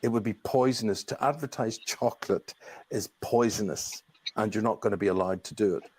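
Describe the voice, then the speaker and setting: A man's voice: fairly low pitch, a little fast, darkish tone, husky. A TV presenter, a man, speaking indignantly in a TV interview. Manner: indignant, complaining.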